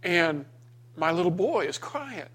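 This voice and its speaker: A man's voice: sing-song, measured pace, a bit bright, breathy edge. A middle-aged man preaching a sermon, telling a personal story with rising emotion and raised, pleading tones in the retold scenes. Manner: storytelling, emotional, rising in pitch when voicing himself in the dream. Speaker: pastor.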